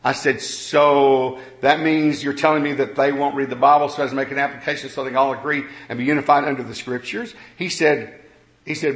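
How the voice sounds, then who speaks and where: A man preaching a sermon in an earnest, conversational way, moving between quiet reflection and emphatic points. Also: mid-range voice, steady tone, brisk, roomy sound.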